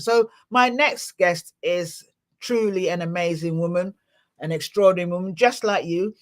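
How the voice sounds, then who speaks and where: A woman's voice: on the low side, normal speed. Effusive woman podcast host. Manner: effusive, repeats words for emphasis, motivational. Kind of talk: live-streamed podcast opening monologue.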